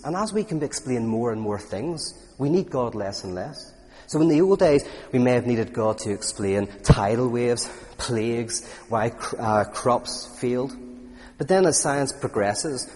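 A man giving an informal lecture to an audience, telling stories with lots of restarts. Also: medium pitch. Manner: animated storytelling, frequent restarts. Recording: long reverb in a hall.

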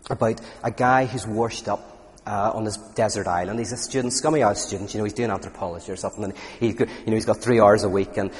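A man's voice: on the low side, fast. A man giving an informal lecture to an audience, telling stories with lots of restarts. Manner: animated storytelling, frequent restarts. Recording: long reverb in a hall.

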